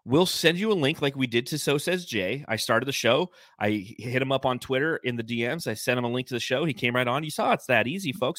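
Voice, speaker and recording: A man co-hosting a casual sports podcast, animated and quick to swear, acting out little scenes as he talks. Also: medium pitch, dry recording, clean studio sound. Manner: animated, swears freely, acts out quotes. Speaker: podcast co-host.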